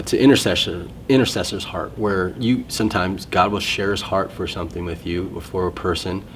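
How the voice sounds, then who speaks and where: Deep-voiced man telling a rambling story. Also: a little hiss or hum. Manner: rambling, self-interrupting storyteller. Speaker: guest sharing testimony. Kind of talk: casual conversation.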